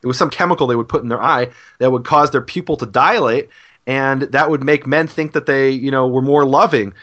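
A man's voice: medium pitch, brisk, fairly bright tone, muffled recording. A man, a guest author, earnestly explaining an idea in a podcast conversation, with frequent restarts.

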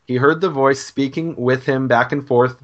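A man's voice: mid-range voice, steady tone, moderate pace. A man teaching Hebrew in a casual Bible study discussion, explaining grammar patiently. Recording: dull lo-fi sound.

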